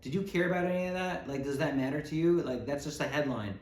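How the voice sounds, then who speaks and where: A man's voice: fairly high pitch, quick pace. A man hosting a casual comedic talk show, rambling and sarcastic, often breaking off mid-thought. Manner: rambling, sarcastic, self-interrupting. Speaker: podcast host. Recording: roomy with faint background noise.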